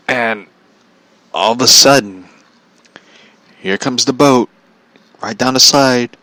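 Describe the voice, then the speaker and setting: A man's voice: mid-range voice, slow, long pauses, bright, forceful tone, no echo. A man telling a comedic story in a profane, exasperated way, laughing often. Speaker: vlogger.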